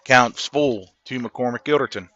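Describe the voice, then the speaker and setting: A man's voice: medium pitch, measured pace, dry recording, lo-fi sound. Male baseball play-by-play announcer. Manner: steady play-by-play, rises with big plays. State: coughing, throat irritated. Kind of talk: sports commentary. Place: booth at a high school baseball game.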